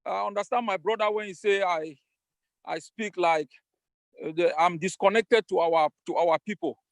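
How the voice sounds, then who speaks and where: A man's voice: high-pitched, moderate pace, dry recording. A man with a Cameroonian accent, a political leader giving an emphatic, defiant rallying speech over a video call. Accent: Cameroonian English. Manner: emphatic, defiant, repeats phrases for force.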